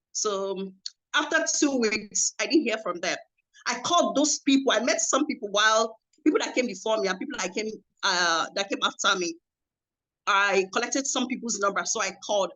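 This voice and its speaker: A woman's voice: mid-range voice, sharp tone, low-quality recording. A young woman speaking at a conference, giving a personal testimony with lots of reported dialogue, emotive and earnest.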